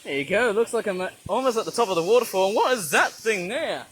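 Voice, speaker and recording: Excitable nature vlogger outdoors. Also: mid-range voice, quick pace, a little hiss or hum. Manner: excitable, marvelling, exclaims often. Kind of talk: walking nature vlog commentary. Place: outdoor jungle trail near a waterfall.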